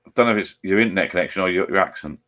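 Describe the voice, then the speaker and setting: A man's voice: sits low, rapid-fire, fairly bright tone. A man with an Essex accent hosting a live stream from home, chatting in a rambling, blokey way. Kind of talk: casual banter over a video call. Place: at home beside a laptop.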